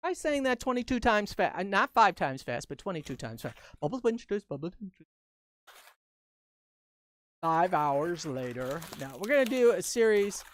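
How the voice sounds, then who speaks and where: A woman's voice: on the low side, very animated, normal speed. Woman instructor, casual live-stream teacher, upbeat running commentary, playful asides. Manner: chatty, upbeat, talks through each step while working; playful asides and jokes to viewers. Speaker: balloon artist and instructor. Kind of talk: live-stream craft tutorial.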